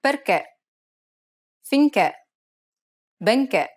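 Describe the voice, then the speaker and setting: A woman reading example words aloud, slowly and deliberately, for learners. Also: on the high side, very animated, breathy edge. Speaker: native speaker giving examples.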